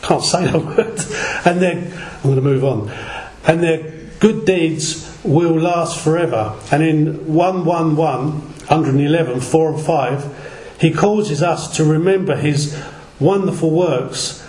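A man preaching to a small gathering, reading scripture slowly and deliberately and sometimes stumbling over words and correcting himself. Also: on the high side, darkish tone. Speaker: lay preacher. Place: small gathering in a reverberant room. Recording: echoey room recording.

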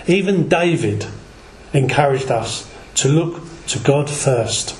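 A man preaching to a small gathering, reading scripture slowly and deliberately and sometimes stumbling over words and correcting himself. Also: medium pitch, expressive, a little hiss or hum. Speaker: lay preacher. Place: small gathering in a reverberant room. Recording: echoey room recording.

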